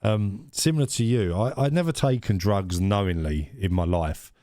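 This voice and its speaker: A man's voice: lowish voice, moderate pace, mellow, no echo, studio quality. A man co-hosting a podcast, chatting casually and telling a story with many restarts and ums. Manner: hesitant, many restarts and ums, bursts of surprise. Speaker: podcast co-host.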